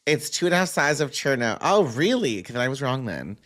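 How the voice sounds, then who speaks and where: A man's voice: mid-range voice, very animated, quick pace, a bit bright. A man streaming a game live, chatting casually with viewers and thinking aloud as he plays, with the odd hum between sentences.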